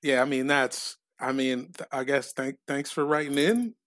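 A man co-hosting a podcast, talking in a low-key, dry way with some hesitation. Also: moderate pace, fairly bright tone. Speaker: podcast co-host. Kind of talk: casual chat, reading listener letters.

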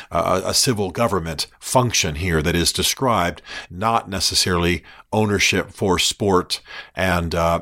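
A man hosting a podcast, explaining a subject in a measured talk with frequent fillers and restarts, slowing down when he quotes a text. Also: low voice, a bit bright. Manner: measured, slows down to quote texts. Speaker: podcast host.

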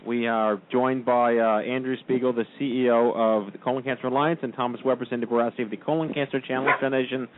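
Fast-talking male talk show host on a phone line. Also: mid-range voice, steady tone. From Brooklyn, New York. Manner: upbeat, quick, keeps things moving. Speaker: podcast host. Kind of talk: casual radio talk show chat. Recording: tinny phone-line sound with faint hiss.

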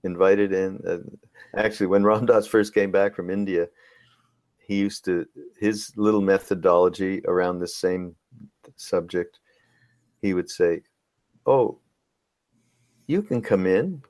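A man hosting a webinar Q&A, speaking reflectively and unhurriedly, often pausing to search for words. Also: deep voice, little pitch movement, a little mellow, dry recording. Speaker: host. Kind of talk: webinar Q&A conversation.

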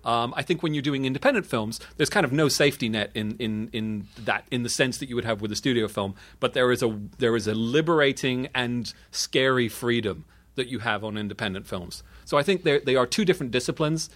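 A man's voice: mid-range voice, a little fast, fairly bright tone. A man from the United Kingdom with a transatlantic accent, a guest in a casual interview, speaking thoughtfully and often restarting his phrases.

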